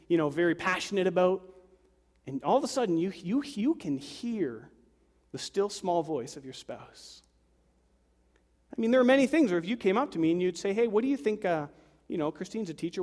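A man's voice: sits high, a little mellow, big-room sound. A man in his thirties, a pastor giving a sermon to a congregation in a church, talking in a conversational way with joking asides.

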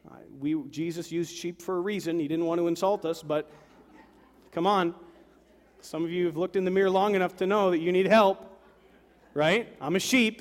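A man in his thirties preaches from the pulpit with a high-pitched voice. His tone stays conversational, and he breaks off into joking asides to the congregation. The sound carries a long hall reverb. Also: moderate pace. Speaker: pastor. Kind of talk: sermon. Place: church sanctuary with congregation.

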